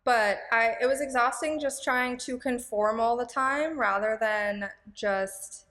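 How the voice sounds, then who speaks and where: A young woman guest on a casual podcast tells her story candidly and emotionally, near tears, rambling with lots of fillers and restarts. Her voice is a little high and a bit bright, at a measured pace, and the sound carries the echo of a large hall.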